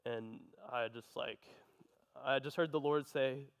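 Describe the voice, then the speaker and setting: A young man giving an earnest personal testimony, telling his story in a halting way. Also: medium pitch, fairly even intonation, clean tone. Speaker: testimony speaker.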